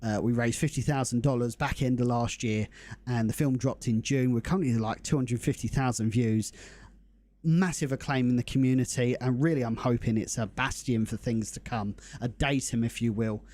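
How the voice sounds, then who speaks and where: A young man hosts a game live stream. His voice is mellow and warm, at a middling pitch. He chats casually and upbeat, greeting his viewers by name. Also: normal speed. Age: young adult. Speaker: livestream host.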